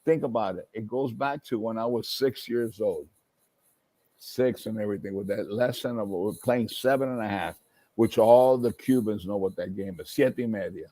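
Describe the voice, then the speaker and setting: A man from Cuba, a guest in casual chat, telling a story in an animated way with Spanish words mixed in. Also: on the low side, normal speed, no room sound.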